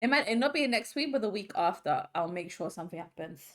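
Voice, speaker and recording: A woman co-hosting a podcast, chatting casually and laughing often, with quick asides. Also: mid-range voice, expressive, fairly bright tone. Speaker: podcast co-host. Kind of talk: casual chat.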